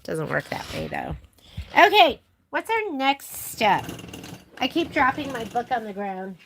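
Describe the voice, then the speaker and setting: A woman's voice: on the high side, very animated, a little slow, vocal fry, fairly bright tone, slight background noise. A young American woman teaching a casual live stitch-along, chatting with viewers as she works. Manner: chatty, talks to viewers while working. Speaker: sewing instructor.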